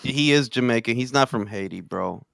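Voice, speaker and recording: A man's voice: medium pitch, normal speed, gravelly, fairly bright tone, clean tone, no echo, studio quality. A man hosting a casual live boxing talk stream, joking and slangy, saying "bro" a lot. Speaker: host.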